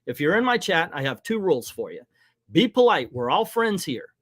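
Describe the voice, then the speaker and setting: A man's voice: a little high, very animated, fairly quick, fairly bright tone, dry recording, clean studio sound. A middle-aged man hosting a casual livestream, talking in a rambling, frank and hesitant way in front of a green screen. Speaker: livestream host.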